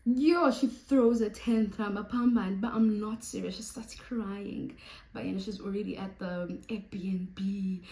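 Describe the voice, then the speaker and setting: A young South African woman telling a story to camera in a lively storytime vlog, slipping between Xhosa and English. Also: on the high side, reverberant, poor audio. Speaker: YouTuber.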